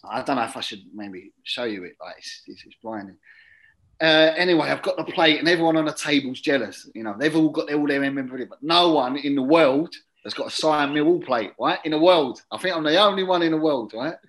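A man telling a long casual anecdote as an interview guest, chatty and drifting into quiet muttered asides. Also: fairly high pitch, brisk, poor audio. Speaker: guest, former footballer.

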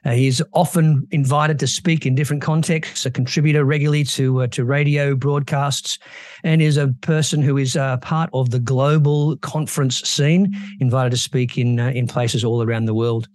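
A man's voice: medium pitch, steady tone, moderate pace, darkish tone, dry recording. A man hosting a faith podcast, introducing his guest and asking long, thoughtful questions with frequent restarts. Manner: earnest, hesitant with many fillers and restarts. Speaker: podcast host. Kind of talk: interview hosting.

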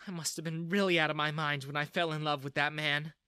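A man's voice: a little high, little pitch movement, brisk, bright, forceful tone, clear, resonant tone, no echo, studio quality. A man voicing an apologetic middle-aged woman who regrets her marriage. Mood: rueful. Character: apologetic middle-aged mother, wife of the manager.

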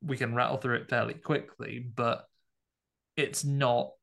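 A man with a gravelly, fry-touched voice talks through a film for a podcast. He is measured and thoughtful, weighing how general audiences will take it. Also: medium pitch, little pitch movement, a bit bright. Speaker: podcast co-host, film critic. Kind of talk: casual film review chat.

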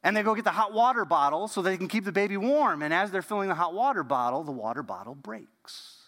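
A man preaching a storytelling sermon as pastor, animated and dropping to a hush at key moments. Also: sits high, fast, long reverb tail.

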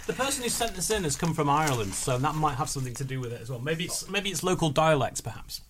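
A man's voice: fairly high pitch, animated, fast talker, a bit bright, a little hiss or hum. A man co-hosting a casual comedy chat show, introducing the segments with dry humour. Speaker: co-host.

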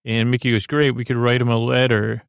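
Male podcast host, gravelly and smooth, dry close sound, rambling sleepy recap. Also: mid-range voice, little pitch movement, no echo. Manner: halting, many fillers and restarts. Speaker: podcast host retelling an episode.

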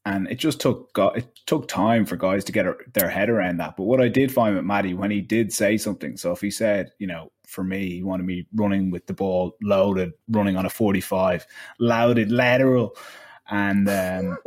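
A man co-hosting a casual chat, thinking back in a measured way. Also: sits low, fairly even intonation, darkish tone, slightly rough.

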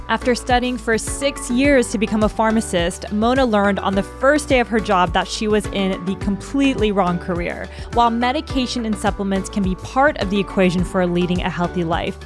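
A woman hosting a podcast interview, speaking in an earnest, heartfelt way. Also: medium pitch. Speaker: podcast host.

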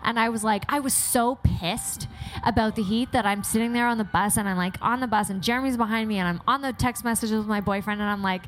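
A woman co-hosting a podcast, telling candid stories in an animated, frank way with plenty of swearing. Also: a little high, a little fast, a little hiss or hum. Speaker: podcast co-host. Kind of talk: candid casual chat.

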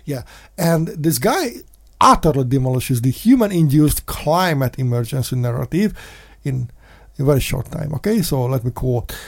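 A man with a somewhat high, very lively voice delivers a casual commentary monologue. He is sarcastic and mocks in put-on voices, now and then breaking into sudden shouts. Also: vocal fry. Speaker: podcast host.

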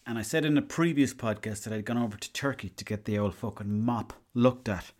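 A man's voice: fairly low pitch, brisk, hardly any pauses, darkish tone. A young Irish man hosting a podcast, telling a long story in a rambling, profane way and slipping into quoted asides. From Ireland. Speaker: podcast host. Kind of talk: casual storytelling monologue.

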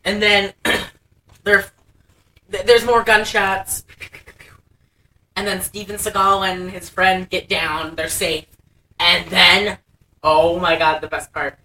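A woman co-hosting a casual movie recap podcast, telling the plot in an animated, profane way with lots of laughing. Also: lowish voice, slow, pauses often, recorded from a distance, rough recording. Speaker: podcast co-host.

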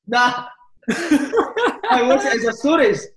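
A man's voice: very high-pitched, takes it slowly, fairly bright tone, reverberant. A man hosting a casual chat, asking eager questions and laughing often.

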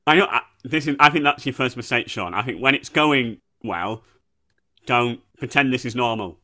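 A man's voice: mid-range voice, animated, normal speed, sharp tone. A man co-hosting a comedy podcast, rambling and self-mocking with frequent laughter. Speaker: podcast co-host. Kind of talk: comedic banter.

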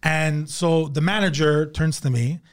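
Brief: middle-aged male comic, high voice, rambling, profane, quick to laugh. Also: clean tone. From Canada. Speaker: comedian and podcast host. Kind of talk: casual chat.

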